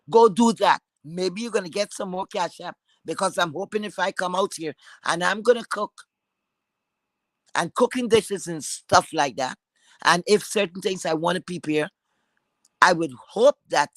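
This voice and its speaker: A man's voice: high voice, fairly bright tone, dry recording, poor audio. A man on a live stream, delivering a heated, profane rant that is insulting, repetitive and confrontational.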